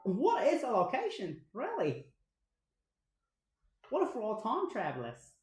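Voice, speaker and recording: A man's voice: very high voice, huge pitch swings, a little slow, reverberant, exaggerated voice. A man from California joking around in a put-on Australian accent, talking in a drawling, playful, rambling way. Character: jokey laid-back Aussie bloke, adult man. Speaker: host's husband. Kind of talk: joking banter in a fake accent.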